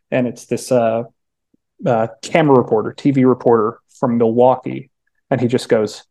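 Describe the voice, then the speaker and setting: A young man chats as a podcast guest, spinning long stories and slipping into quoted voices. His tone is mellow and warm, and his pitch sits in a middle range. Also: little pitch movement, fairly quick, creaky. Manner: chatty storyteller, frequent restarts and acted-out quotes. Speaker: podcast guest, sports beat writer. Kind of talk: casual chat.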